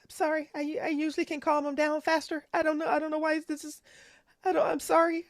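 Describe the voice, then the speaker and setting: A woman voicing a frightened young girl who stammers out breathless apologies in a high, whispery voice. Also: little pitch movement, fast, no echo, clean studio sound. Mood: panicked.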